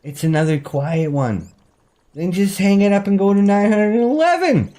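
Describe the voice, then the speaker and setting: A man hosting a comedic call-in talk show, loud and excitable, often shouting. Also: sits high, normal speed.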